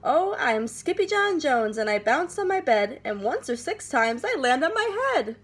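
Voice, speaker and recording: A woman's voice: sits high, sing-song, moderate pace. A woman voicing a playful, boastful young male kitten in a sing-song put-on Spanish accent. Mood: gleeful.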